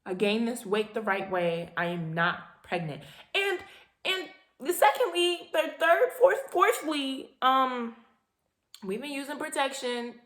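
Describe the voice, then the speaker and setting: A woman in her twenties telling a personal story in a casual vlog, animated and dramatic, often breaking into laughter. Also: high voice, takes it slowly, reverberant. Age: 20s. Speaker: vlogger.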